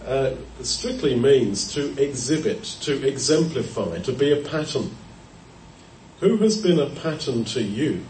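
A man giving a Bible teaching sermon, explaining verses in a measured way with pauses and self-corrections. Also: medium pitch, a little mellow. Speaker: preacher. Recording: roomy, distant mic, faint background noise.

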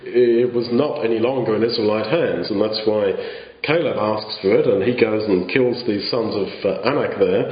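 A man preaching a sermon in an earnest, halting way, often restarting his phrases. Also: on the low side, reverberant, lo-fi sound.

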